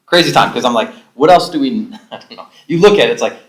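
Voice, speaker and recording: A man's voice: medium pitch, expressive, quick pace, fairly bright tone. A man co-hosting a podcast interview, chatting casually and offering brief affirmations. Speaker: podcast co-host. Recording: echoey room.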